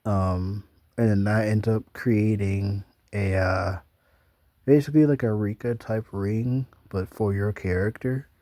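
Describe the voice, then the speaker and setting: A man's voice: fairly low pitch, steady tone, a little slow, mellow, no room sound, clean studio sound. A young man talking in a loose, meandering casual monologue, full of ums and offhand swearing. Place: small room, flipping through notebook pages.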